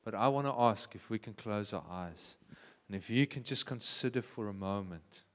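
South African pastor, reverberant church hall. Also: male voice, lowish voice, moderate pace. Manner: switches between hushed prayer and loud passionate cries. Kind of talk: sermon.

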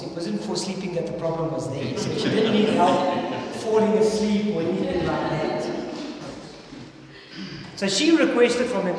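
A South African man preaching a sermon to a congregation, earnest and emphatic, with loud stresses and quiet asides. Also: sits high, a little hiss or hum. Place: church hall. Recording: echoey hall with long reverb.

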